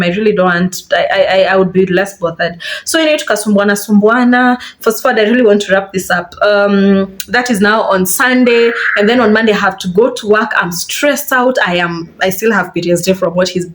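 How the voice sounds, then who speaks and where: Kenyan woman telling an animated storytime. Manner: animated, switching between English and Swahili slang, acts out quotes in a high voice. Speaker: vlogger. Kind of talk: casual storytime while getting ready.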